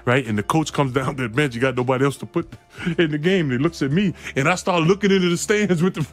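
A man telling an excited, laughing anecdote about his playing days, in a played clip with faint music under it. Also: fairly high pitch, fast talker. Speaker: former player telling a story. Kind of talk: animated storytelling clip.

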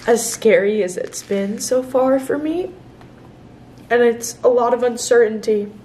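A 21-year-old woman speaks candidly in a confessional vlog, emotional and at times close to tears. It is filmed outdoors and then indoors on a camera set down nearby. Her voice is a little high and mellow, with slight background noise.

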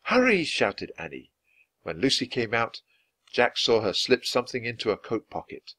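A man reading a children's book aloud, clear and expressive, at an easy pace for learners. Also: medium pitch, normal speed, no echo. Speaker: storybook reader.

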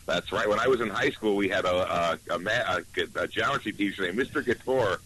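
A man bantering as a guest and tossing in quick, jokey asides. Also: lowish voice, a bit bright, slightly rough, rough recording. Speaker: guest comedian. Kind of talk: comic banter.

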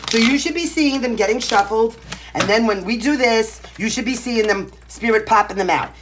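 A woman's voice: on the high side, normal speed, background noise. A woman with a Brooklyn New York accent giving a casual tarot reading to the camera, blunt and emphatic, tagging her points with "right?" and "okay?". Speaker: tarot reader.

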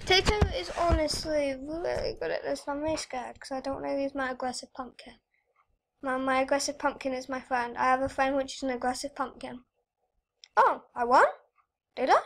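A teenage girl chatting excitedly while she plays an online game and thanks her subscribers. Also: sits high, moderate pace, creaky, pauses often. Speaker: YouTuber. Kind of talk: casual gaming vlog commentary.

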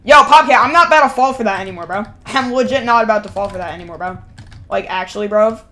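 A woman streaming a game talks to her chat and yells at the characters, swinging between shouting and muttering and repeating the same phrases over and over. Her voice is mid-range and quick, with slight background noise.

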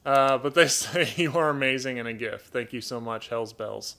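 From home, a man hosts a loose, rambling live Q&A, reading out chat messages and talking to his pet birds. His raspy voice is medium in pitch, his speed is normal, and his tone is sharp.

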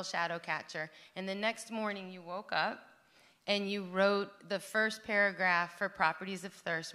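A woman's voice: mid-range voice, bright, forceful tone. A woman interviewing on a festival stage, affectionate and teasing as she asks her questions. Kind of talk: onstage festival conversation.

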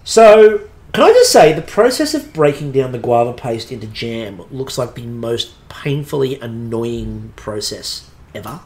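A man's voice: medium pitch, sing-song, a little slow, darkish tone, poor audio. A man co-hosting a podcast in casual chat, dryly recapping and steering the talk. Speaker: podcast co-host.

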